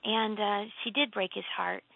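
A woman author guest in a casual faith conversation, telling earnest, animated stories with emphatic lifts in her voice. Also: medium pitch, a little slow, gravelly. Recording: tinny phone-like line.

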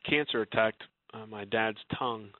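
A man guest telling an emotional personal story in an earnest way, his voice dropping soft when he quotes others. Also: lowish voice, normal speed, dry recording. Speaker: guest author. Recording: dry, phone-like narrow sound.

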